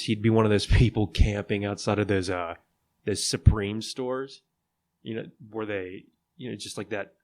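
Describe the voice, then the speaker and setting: A man hosting a podcast alone, talking casually and jokingly, with a loose, slangy way of chatting. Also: lowish voice. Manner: laid-back and jokey, says "dude" a lot. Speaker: podcast host. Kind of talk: casual solo legal podcast chat.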